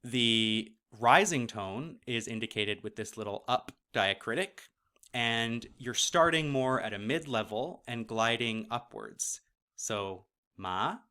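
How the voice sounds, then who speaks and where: Guy teaching a course, talks slow and sounds out each syllable, kinda casual with little self-corrections. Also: medium pitch, sharp tone, clean tone. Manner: demonstrates syllables by sounding them out slowly. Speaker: course instructor. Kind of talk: slow explanatory lesson.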